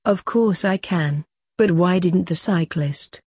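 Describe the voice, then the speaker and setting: A woman's voice: fairly low pitch, slow, darkish tone, husky, dry recording, studio quality. A woman voicing an ordinary modern man who keeps asking incredulous questions in a read-aloud story. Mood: puzzled. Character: ordinary modern man, startled and curious traveller.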